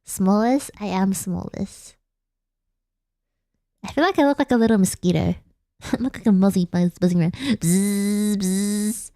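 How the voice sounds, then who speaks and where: A woman's voice: mid-range voice, lively intonation, moderate pace, long pauses, warm tone, no echo, clean studio sound. A young woman from Australia, a vtuber chatting playfully late at night, giggling and rambling. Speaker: vtuber streamer. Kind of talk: casual late-night chat.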